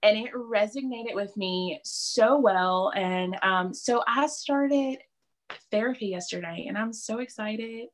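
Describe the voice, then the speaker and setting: A woman's voice: medium pitch, slow pace. Earnest woman sharing in casual talk. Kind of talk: casual chat.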